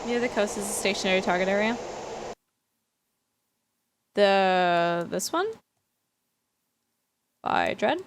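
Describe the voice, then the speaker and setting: A woman's voice: medium pitch, takes it slowly, pauses often, a little hiss or hum, rough recording. A woman livestreaming a flight simulator in casual, chatty talk, often apologizing and laughing lightly. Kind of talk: casual stream chat.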